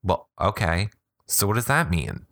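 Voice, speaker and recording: A woman with a notably low voice hosts a casual podcast, chatting and cracking jokes between read-out passages. Her pitch swings all over the place as she interrupts herself. The sound is close and dry, with no room around it. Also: big pitch swings, unhurried, a bit bright, no room sound. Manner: chatty, joking asides, self-interrupting. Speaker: podcast host. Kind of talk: casual podcast chat, reading blogs aloud.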